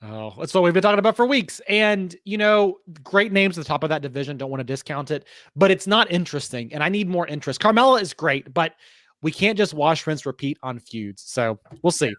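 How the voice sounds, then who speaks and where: Man, podcast co-host, opinionated, wry, high voice, dry sound. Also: lively intonation, brisk, a bit bright, no echo. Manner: opinionated, wry, rhetorical questions. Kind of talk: casual opinion chat.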